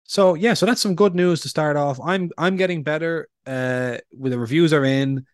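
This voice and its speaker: A man's voice: a little high, smooth, no echo, clean studio sound. Chatty man co-hosting a podcast. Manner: chatty, storytelling with filler pauses. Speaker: podcast co-host. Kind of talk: casual chat.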